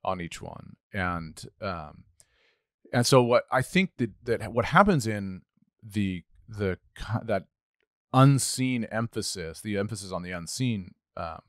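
A man's voice: on the low side, expressive, a little slow, a bit bright, dry recording, clean studio sound. A middle-aged man co-hosting a casual talk, thinking aloud with many restarts. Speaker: podcast co-host, pastor. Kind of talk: casual conversation.

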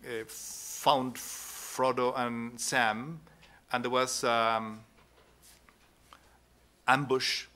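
Slow, bright-toned male lecturer. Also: medium pitch. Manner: unhurried, pauses with "no?" tags and restarts. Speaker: conference speaker. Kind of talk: academic conference talk.

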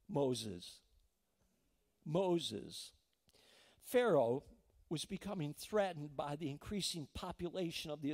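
A man's voice: high-pitched, darkish tone. A man preaching a sermon as pastor, telling folksy stories with restarts and frequent "right?" asides to the congregation. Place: church sanctuary. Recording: long church hall reverb.

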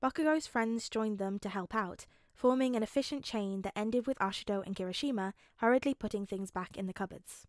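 A woman calmly narrating a fanfic as an audiobook reader. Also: medium pitch, brisk, hardly any pauses, no room sound, clean studio sound. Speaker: podfic reader.

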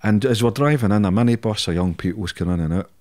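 A man's voice: on the low side, fast, darkish tone. A middle-aged Scottish man telling stories in a casual interview, swearing often and laughing through his anecdotes. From Scotland. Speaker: podcast guest.

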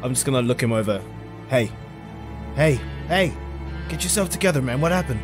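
A man playing a tabletop game, talking in character with lively, pleading energy. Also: medium pitch, a little fast, music in the background. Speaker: player. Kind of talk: casual tabletop role-play.

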